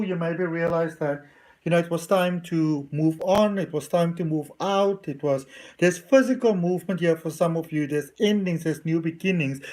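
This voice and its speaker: A man's voice: a little high, a little mellow. A man giving a chatty, affectionate tarot reading at home. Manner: effusive and affectionate, chatty with many "you know"s. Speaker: tarot reader. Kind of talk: casual tarot reading to camera.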